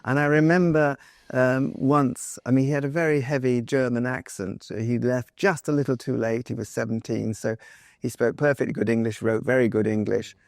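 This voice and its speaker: A man's voice: mid-range voice, fairly even intonation, normal speed, creaky, no room sound, clean studio sound. A man as an interview guest, answering in a thoughtful, wry way and telling stories about his family.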